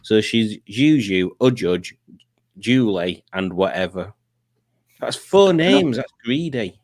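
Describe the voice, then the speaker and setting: A man's voice: on the low side, expressive, takes it slowly. A man hosting a casual chat show, reading out viewer comments and laughing often. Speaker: podcast host.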